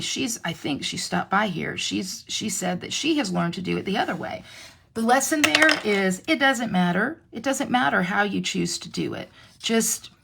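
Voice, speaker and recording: A woman's voice: mid-range voice, gravelly, fairly bright tone, breathy edge. A middle-aged woman with an American accent, chatting in a self-deprecating way as she demonstrates card-making in a live tutorial. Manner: chatty, self-deprecating, talks while crafting. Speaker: stamping demonstrator.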